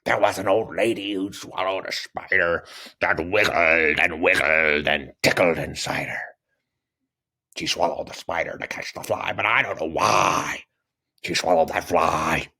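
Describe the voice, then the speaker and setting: A man voicing a gruff adult male pirate who recites a children's rhyme in a gravelly voice. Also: deep voice, fairly even intonation, unhurried, sharp tone, pitched below the performer's own voice, exaggerated voice.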